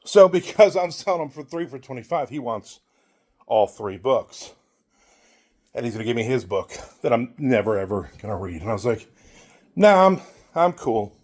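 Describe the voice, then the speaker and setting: A middle-aged man talks while walking, blunt and rambling, and acts out the people he quotes in passing. His pitch sits in an ordinary middle range. The tone is a casual monologue. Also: animated, normal speed, a little mellow. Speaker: author and channel host.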